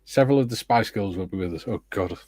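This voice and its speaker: A man's voice: fairly low pitch, fast talker, darkish tone, no echo. A man hosting a live stream, reading viewers' chat comments aloud and adding dry quips.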